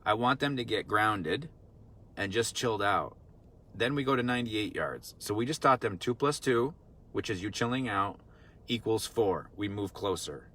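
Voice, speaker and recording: A man's voice: fairly low pitch, bright, forceful tone. A man working as a dog trainer, explaining in a casual teaching talk, earnest and repetitive, full of rhetorical questions. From Vermont.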